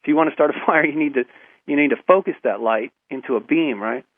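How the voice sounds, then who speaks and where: A man guest telling a personal story in a radio interview, halting and repeating his words, with frequent chuckles, over a phone line. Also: a little high, no room sound.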